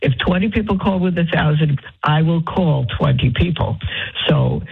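A nun who is unwell and short of breath makes a halting, pleading fundraising appeal over the phone from her bed. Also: low-pitched, vocal fry, slightly rough. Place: lying in bed in her convent cell. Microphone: phone line. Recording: tinny phone line.

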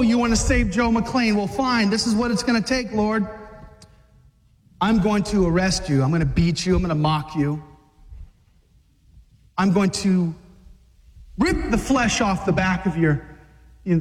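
A man's voice: sits high, long reverb tail. A man voicing a menacing male devil who whispers temptations and mocking threats.

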